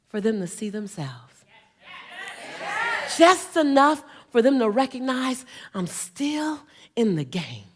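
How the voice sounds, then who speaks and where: A woman in her forties speaks from the stage as a motivational speaker, her voice a little higher than most and swinging widely in pitch. She tells stories with animated call-and-response and then rises into rousing, emphatic exhortation. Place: on stage before a large audience.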